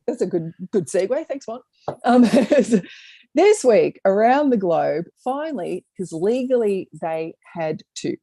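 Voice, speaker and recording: A woman's voice: medium pitch, sing-song, takes it slowly, dark tone. A woman co-hosting a casual comedy chat over a video call, telling stories and laughing often. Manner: chatty storyteller, laughs often. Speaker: co-host.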